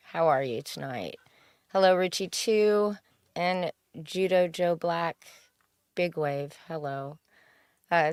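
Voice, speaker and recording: Woman, livestream host, very slow, unhurried, dry close sound, lowish voice. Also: no echo. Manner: unhurried, greets chat viewers by name. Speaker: streamer. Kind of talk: casual livestream chat.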